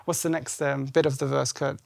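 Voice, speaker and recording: Gravelly, medium-pitched and a little fast, a pastor's voice fills a conversational sermon at a church service, with no room sound in the recording. He preaches animatedly and performs the scripture lines aloud.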